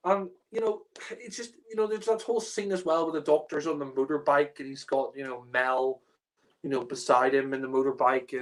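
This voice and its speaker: A man giving a casual spoken review rant, exasperated and profane, laughing often and using many fillers. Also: on the high side.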